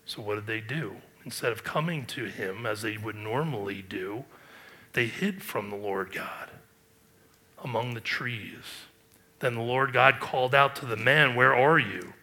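A man's voice: medium pitch, unhurried, pushed and bright. A man preaching a sermon, earnest and emphatic, with rhetorical questions. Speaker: pastor.

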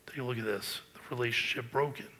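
Bright-voiced man preaching. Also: mid-range voice, quick pace. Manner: earnest, emphatic preaching with rhetorical questions. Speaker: pastor. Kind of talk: sermon.

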